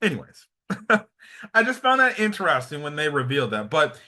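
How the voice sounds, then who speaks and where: A young man giving a casual anime episode review, excitable, slangy and rambling. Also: on the high side, normal speed.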